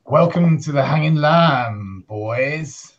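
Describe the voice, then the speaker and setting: A man's voice: on the high side, expressive, takes it slowly, a little hiss or hum. A man voicing a grumpy old village barman with rotting teeth, greeting newcomers in a plain voice with no accent. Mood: gruff welcome. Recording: dull lo-fi call audio.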